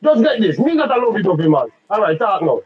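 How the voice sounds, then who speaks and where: A very high-pitched man in his forties with a Jamaican accent, boasting and cutting in during a heated debate. His voice comes through a slightly dull, lo-fi recording. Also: very animated, quick pace. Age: 40s. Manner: boastful, talks over others in Patois.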